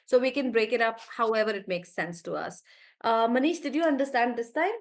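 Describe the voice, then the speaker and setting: Lady teacher on a video call, kinda high voice, drags words out slow to show how they sound. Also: expressive. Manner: encouraging, drawn-out words when modelling pronunciation. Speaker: online English teacher. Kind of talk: live online class.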